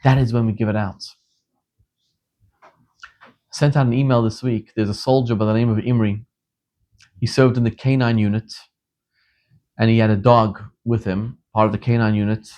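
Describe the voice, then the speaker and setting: A man from Zimbabwe, a rabbi, giving a sermon in an animated, emphatic storytelling manner. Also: on the low side, moderate pace, long pauses, dull audio.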